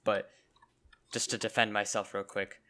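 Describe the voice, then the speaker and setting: A man's voice: fairly low pitch, flat delivery, normal speed, crowd noise. A young man in casual chat as a podcast co-host, stammering and restarting his sentences often.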